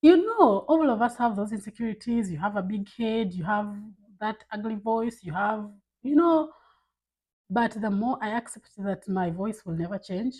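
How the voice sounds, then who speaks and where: A woman's voice: medium pitch, lively intonation, moderate pace, darkish tone, low-quality recording. A woman vlogging to camera in a casual, candid way, giving emphatic advice from her own life. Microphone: camera mic.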